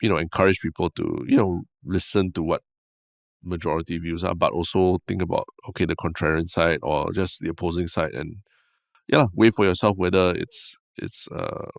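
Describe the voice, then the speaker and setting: Deep gravelly Singaporean man, casual podcast chat. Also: normal speed, no echo, clean studio sound. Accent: Singaporean English. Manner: relaxed, laughing, sprinkles "lah". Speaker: podcast co-host.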